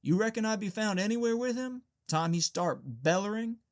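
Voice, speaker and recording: A man's voice: high-pitched, expressive, moderate pace, voice pushed up. A man voicing a bossy Southern teenage boy. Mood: drawling. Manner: drawling, scolding, boastful. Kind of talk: audiobook character reading.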